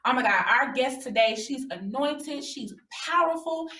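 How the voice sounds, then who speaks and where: A woman with a fairly high voice hosts with an enthusiastic, informal manner. She sits back from the mic, and her voice echoes in the room. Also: lively intonation, a little slow, sharp tone, recorded from a distance. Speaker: co-host. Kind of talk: casual chat.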